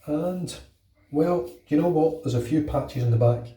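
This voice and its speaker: While shaving his head in his home bathroom, a British man vlogs in a chatty, rambling way, swearing freely and feeling a bit under the weather with a cold. His fairly high, mellow voice moves at a measured pace, picked up off-mic in an echoey room.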